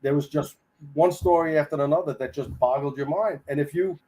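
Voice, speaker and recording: An older man, a retired firefighter, telling stories as a guest in a casual podcast interview, animated and chatty and acting out the people in them. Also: a little high, a little fast, slight background noise, poor audio. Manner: animated storyteller who acts out the people he quotes; chatty, with frequent restarts.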